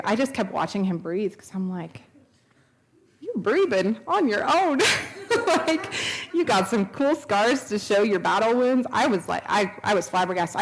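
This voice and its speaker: There's a little hiss or hum behind this mid-range voice. A woman in her thirties earnestly recounts her personal testimony in a church sanctuary, acting out the quoted dialogue as she goes.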